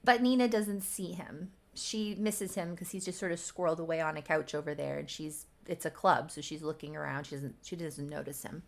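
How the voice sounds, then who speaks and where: In a casual recap video, a thirtysomething woman YouTuber talks through her old soap opera story, chatty and self-mocking with plenty of laughter. She has a deep, gravelly voice, fairly even in intonation, and speaks fairly quickly, barely pausing.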